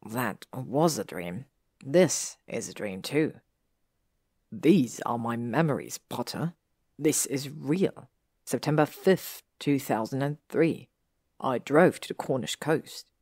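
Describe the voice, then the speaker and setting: A haunted young man, pitched low with a gravelly edge, drawls his urgent pleas slowly, as a woman reads him aloud. The audiobook sound is dry and close. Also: animated, darkish tone, no room sound, full character voice. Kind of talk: audiobook reading of fan fiction.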